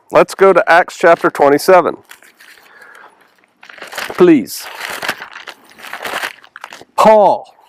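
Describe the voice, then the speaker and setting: A man's voice: fairly high pitch, clean tone, low-quality recording. A man preaching a casual, conversational sermon, reading scripture and asking his congregation questions. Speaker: pastor.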